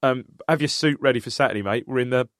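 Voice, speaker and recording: A man's voice: mid-range voice, quick pace, no echo. Man from England, co-host, loose rambling storyteller, dry close sound. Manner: rambling storyteller, laughs often. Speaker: podcast co-host. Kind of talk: casual football chat.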